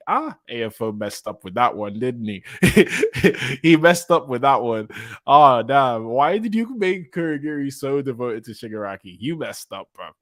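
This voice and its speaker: Excitable man reacting to a manga. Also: mid-range voice, no room sound. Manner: excitable, laughs and gushes, breaks off mid-sentence. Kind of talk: casual reaction commentary.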